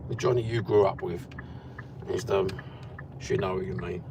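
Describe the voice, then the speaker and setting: A middle-aged Cockney man with a low, gravelly voice chats casually from inside a car. He rambles in a blunt, sweary way. Road and engine noise hum clearly behind him. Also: fairly even intonation, moderate pace. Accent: Cockney East London. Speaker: vlogger. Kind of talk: casual chat while driving.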